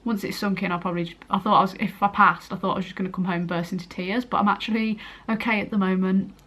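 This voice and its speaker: A young woman talks straight into a compact camera held close, chatty and rambling. Her voice sits at a middling pitch, casual and easygoing, with frequent laughs. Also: steady tone, quick pace, a bit bright. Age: young adult. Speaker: vlogger. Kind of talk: casual vlog talk to camera.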